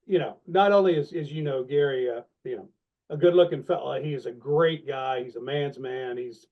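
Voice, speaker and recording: A man's voice: medium pitch, normal speed. Storytelling man on a dull, lo-fi recording. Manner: self-deprecating, animated storyteller. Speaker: guest, longtime sales leader. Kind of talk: casual podcast interview. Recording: dull, lo-fi sound.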